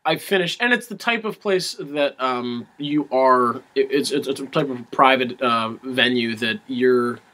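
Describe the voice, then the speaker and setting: A man, a musician guest in an interview, talking casually in a halting way with many restarts. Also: mid-range voice, bright, forceful tone.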